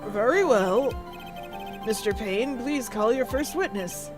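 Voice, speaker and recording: A woman's voice: a little high, animated, loud music behind the voice, pitched below the performer's own voice. A woman doing a formal male judge. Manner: formal, measured. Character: stern male courtroom judge. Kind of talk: video game voice-acting.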